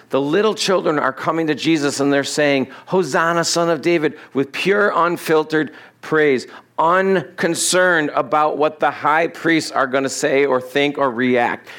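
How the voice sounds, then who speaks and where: A man's voice: on the high side, a bit bright. A middle-aged man, a pastor, preaching an expository sermon in a loose, conversational way, laughing at his own asides and acting out the people in the text. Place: church sanctuary.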